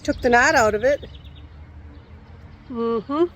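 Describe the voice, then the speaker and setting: High-voiced woman coaxing her pets outdoors. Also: slow pace, a bit bright. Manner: coaxing, affectionate baby talk. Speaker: pet owner vlogger. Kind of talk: casual talk to her pets. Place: outdoors on a walk.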